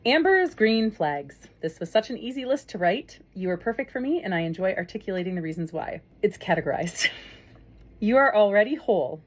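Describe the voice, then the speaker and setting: A woman's voice: medium pitch, expressive, brisk. A woman, from Minnesota, talking to camera in a chatty, effusive vlog style with frequent laughs. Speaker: parent vlogger. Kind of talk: casual storytelling to camera.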